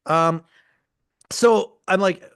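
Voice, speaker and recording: Man, middle-aged, joking, candid, light higher voice, dry close sound. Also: drawn-out words, a bit bright, clear, resonant tone, dry recording. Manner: joking, laughs often, candid. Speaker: podcast host. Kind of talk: casual chat.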